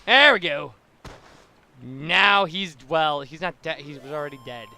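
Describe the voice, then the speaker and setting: A man's voice: on the high side, measured pace, sharp tone, a little hiss or hum. A man giving chatty, casual gameplay commentary and laughing often. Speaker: gaming video host.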